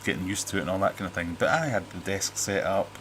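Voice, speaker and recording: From his home fish room, a middle-aged British man runs a casual livestream, talking fast in a low voice over a noisy background. He reads viewer comments aloud, rambles, jokes, and keeps interrupting himself to restart.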